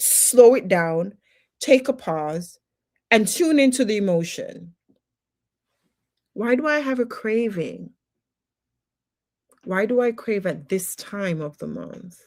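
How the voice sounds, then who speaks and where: A woman's voice: medium pitch, a little mellow. Emphatic woman teaching personal growth. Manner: emphatic, full of rhetorical questions; faith-based encouragement. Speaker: personal development educator. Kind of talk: livestream teaching talk.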